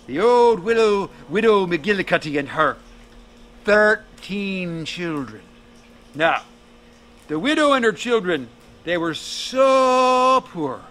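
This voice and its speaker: A man's voice: high voice, sing-song, takes it slowly, fairly bright tone. A man telling a folk tale to an audience in a folksy, jokey way, with asides to his listeners. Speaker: storyteller.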